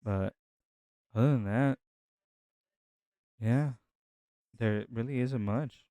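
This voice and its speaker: A man's voice: medium pitch, slow pace, mellow, no room sound. A man hosting a Bible reading channel, reflecting in a casual, rambling way with frequent restarts and filler words.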